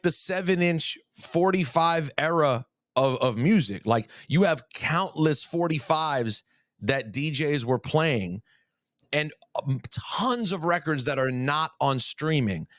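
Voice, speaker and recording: A man's voice: a little high, fairly bright tone, dry recording, clean studio sound. A man co-hosting a casual podcast interview, asking long, rambling questions with a lot of restarts. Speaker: podcast co-host.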